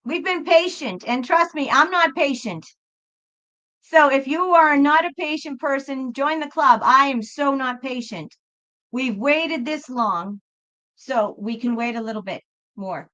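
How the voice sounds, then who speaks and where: Bright-voiced woman tarot streamer. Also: sits high, measured pace. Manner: chatty, reassuring, addresses viewers as folks. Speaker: tarot reader and livestream host. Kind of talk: casual livestream commentary.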